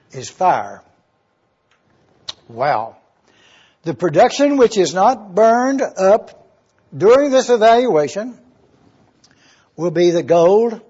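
An older man preaches in a husky, fairly high voice, answering his own rhetorical questions and hammering key words through repetition. The recording sounds dull and lo-fi. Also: darkish tone. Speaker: pastor. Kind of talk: sermon.

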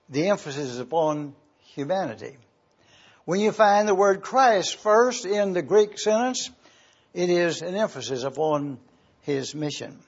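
A male pastor preaching a sermon to his congregation in a slow, deliberate, emphatic way, pausing often. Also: high-pitched, breathy edge, lo-fi sound.

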